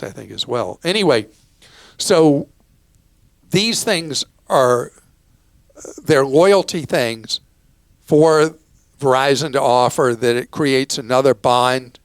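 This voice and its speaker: Male host, older, advice radio; smooth, clear voice, dry close mic; plain-spoken and explanatory. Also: mid-range voice, unhurried, long pauses, no echo. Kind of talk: call-in advice talk.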